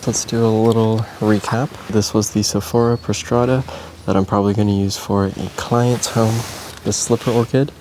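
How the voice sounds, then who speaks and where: Laid-back low-voiced man chatting. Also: normal speed, a little hiss or hum. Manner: relaxed, meandering, frequent ums and likes. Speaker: plant care vlogger and plant seller. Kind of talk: casual chat while potting plants.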